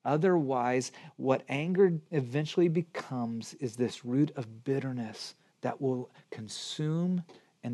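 A middle-aged man preaching a sermon as pastor, earnest, rising to emphatic peaks and dropping to hushed prayer. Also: on the high side. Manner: earnest, swings between emphatic rises and soft hushed prayer.

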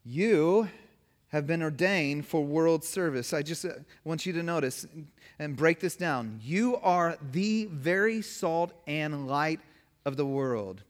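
Speaking slowly with an expressive, rather high voice, a man delivers a sermon as pastor in a church sanctuary. His emphasis rises and falls in force, carried by the long reverb of the hall.

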